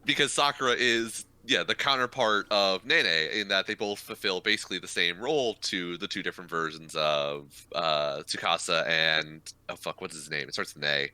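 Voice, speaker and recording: Guy on an anime podcast, bright low-ish voice, dead dry sound, swears a lot. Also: normal speed, hardly any pauses, clear, resonant tone, dry recording. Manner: swearing, animated retelling of scenes. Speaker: podcast co-host. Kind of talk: casual chat about anime.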